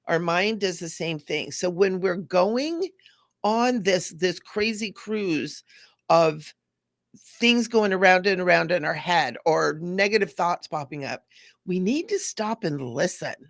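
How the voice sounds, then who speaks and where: Gravelly-voiced woman giving a spiritual teaching talk. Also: fairly low pitch, expressive, takes it slowly, no room sound, clean studio sound. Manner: earnest, acts out quoted voices.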